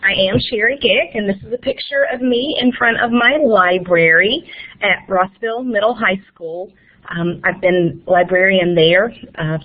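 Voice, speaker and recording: A woman with a North Carolina accent, a school librarian giving a friendly, conversational webinar presentation. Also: on the low side. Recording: tinny phone-like line.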